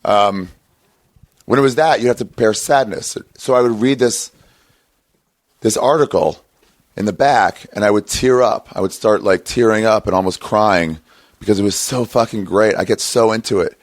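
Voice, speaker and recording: Low-voiced man rambling through a podcast intro. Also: moderate pace, no echo, clean studio sound. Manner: rambling, profane, animated storytelling. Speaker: podcast host. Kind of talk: casual chat. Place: outdoor patio by a street.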